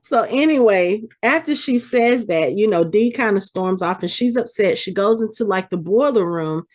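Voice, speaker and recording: A woman hosting a podcast, recapping a TV episode in casual chat and playfully acting out the characters' lines. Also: medium pitch. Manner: animated storyteller who acts out the characters' lines. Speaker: podcast host.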